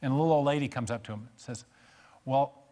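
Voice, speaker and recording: A man's voice: medium pitch, rapid-fire, dark tone. A man giving a church lecture on science and faith, telling stories with emphatic repetition and joking asides.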